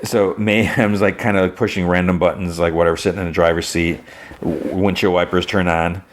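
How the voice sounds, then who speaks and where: A man with a very low voice casually recapping a TV episode. He rambles, restarting phrases and stringing events together. The delivery is offhand and chatty. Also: level tone, a little fast. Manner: rambling, with many restarts and "he's like". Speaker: podcast host.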